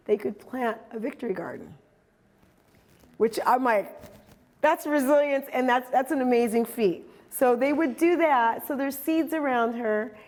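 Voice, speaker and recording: Middle-aged woman artist telling stories about her art, kinda high voice, does the voices when she quotes people. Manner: animated storyteller, acts out quoted dialogue. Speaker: artist giving a talk. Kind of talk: casual presentation.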